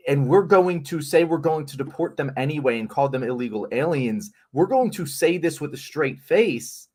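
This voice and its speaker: A man's voice: on the high side, lively intonation, normal speed, a little mellow. A young man in heated political chat, swearing and ranting with emphatic anger. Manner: angry, swearing, emphatic rants.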